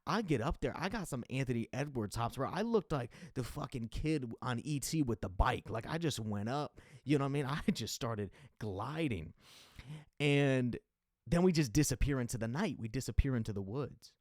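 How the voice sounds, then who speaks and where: A man's voice: animated, normal speed, no echo, studio quality. Slangy young man telling a wild story. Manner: slangy and profane, acts out his own panicked thoughts in a hushed low voice. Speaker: podcast host. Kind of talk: casual storytelling monologue.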